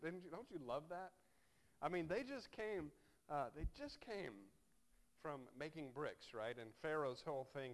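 A man preaching a sermon in a conversational, wry way, often tossing in "right?" and swinging between soft, low reflection and loud, animated emphasis. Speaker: pastor.

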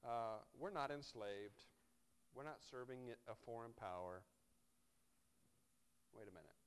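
A man's voice: a little slow, clear, resonant tone. Man preaching a wry, conversational sermon. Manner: conversational, wry preaching with frequent "right?" asides; swings between soft, low reflection and loud, animated emphasis. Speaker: pastor.

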